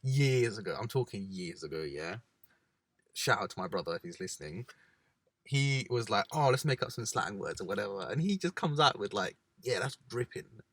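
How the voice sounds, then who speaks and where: A man's voice: lowish voice, expressive, moderate pace, fairly bright tone, husky, no echo. Laid-back guy chatting. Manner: chatty, laid-back, drops into slang impressions. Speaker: podcast co-host. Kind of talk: casual chat. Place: parked car.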